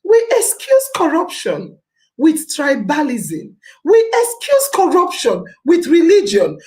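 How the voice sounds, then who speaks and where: A Nigerian woman podcast host with an extremely high voice gives an impassioned civic talk. She repeats phrases for emphasis and slips into Pidgin, and the low-quality recording sounds roomy.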